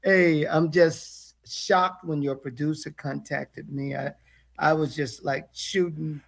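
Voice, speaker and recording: A man, a missionary guest, talking fervently with preacher-like exclamations and a gravelly voice. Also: on the high side, steady tone, slow. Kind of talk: phone-in reunion chat.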